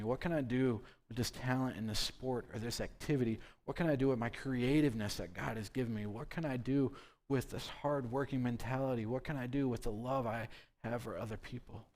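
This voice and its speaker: A man's voice: mid-range voice, a little mellow. A man giving a youth group sermon, conversational and full of rhetorical questions. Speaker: youth pastor.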